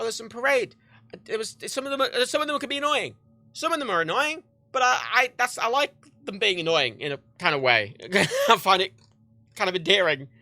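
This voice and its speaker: Guy chatting on his stream, all over the place pitchwise, swears a lot, keeps restarting sentences. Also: bright, forceful tone, no room sound. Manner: rambling, profane, self-interrupting. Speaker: livestreamer. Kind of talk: casual rambling chat.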